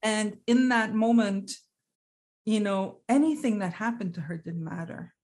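A woman shares a personal story in a casual conversation, her medium-pitched voice earnest and reflective. She speaks haltingly, pausing and circling back as she gathers her thoughts. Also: a little mellow.

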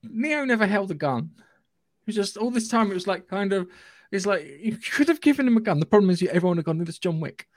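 A man from Surrey with a southern English accent, co-hosting a casual podcast chat about films, animated, sweary and acting out scenes. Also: high-pitched, brisk, no room sound, clean studio sound. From England, Surrey area. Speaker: podcast co-host.

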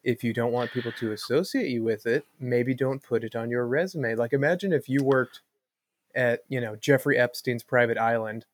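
A man's voice: medium pitch, moderate pace. A man co-hosting a podcast with a mid-range voice. He talks in loose, casual chat, making blunt and sardonic remarks with some swearing. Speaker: podcast co-host.

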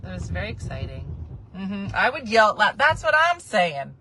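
A woman in her forties telling a casual, animated story from a moving car, often acting out the people she quotes. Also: mid-range voice, moderate pace. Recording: car road noise behind.

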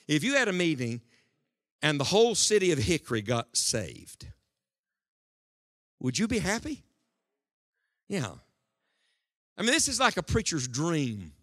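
A man preaching a sermon to a congregation, swinging between loud, forceful lines and hushed ones. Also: high voice. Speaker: evangelist. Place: church hall before a congregation.

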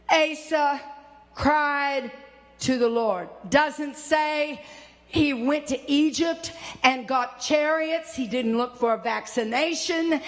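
A woman preaching a fiery sermon, shouting at peaks and dropping low between them. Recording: long hall reverb.

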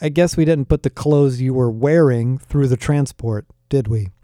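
A man voicing an earnest, oddly literal young man from another world, slow and halting. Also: mid-range voice, warm tone, no echo, clean studio sound, close to an everyday voice. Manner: slow, halting, proud and naive.

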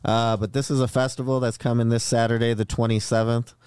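A man hosting a casual radio show, talking in a halting way with many restarts. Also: mid-range voice, flat delivery, a little mellow, smooth, dry recording, studio quality. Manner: halting, lots of uhs and restarts.

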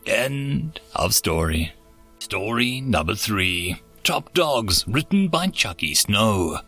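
A man reading science-fiction short stories aloud in an expressive narration. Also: lowish voice, slow pace, faint music behind. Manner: expressive storytelling read. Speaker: story narrator. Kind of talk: scripted narration.

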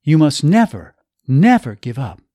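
Man doing an earnest, imploring older woman, raised pitch, lively, slow and dry. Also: no room sound. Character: older woman, firm and caring mentor.

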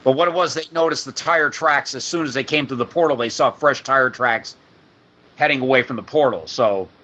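Bright-voiced man reading his adventure. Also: mid-range voice, brisk, low-quality recording. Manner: explains patiently, adds background details. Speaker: player presenting an adventure draft. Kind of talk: casual chat and story read-aloud.

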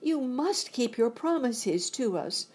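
A woman's voice: on the high side, big pitch swings, a little slow, dark tone, slightly rough, pitched above the performer's own voice, heavily acted. A woman voicing an earnest young girl who speaks up boldly and insistently.

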